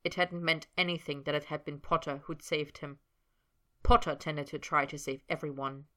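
A woman narrating a work of fiction as an audiobook, in a steady storytelling manner. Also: sits low, normal speed.

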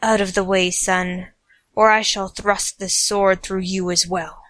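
A woman's voice: mid-range voice, little pitch movement, unhurried, dry recording, close to an everyday voice. Woman putting on a ranting tyrant king. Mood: blustering. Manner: shouting, possessive ranting. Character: blustering tyrant old king.

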